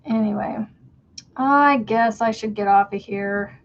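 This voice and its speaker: A woman's voice: medium pitch, slow pace. Chatty woman crochet streamer, lo-fi sound. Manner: chatty and rambling, laughs at her own stories. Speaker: crochet livestream host and homeschool mom. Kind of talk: casual chat while crocheting. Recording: dull lo-fi stream audio.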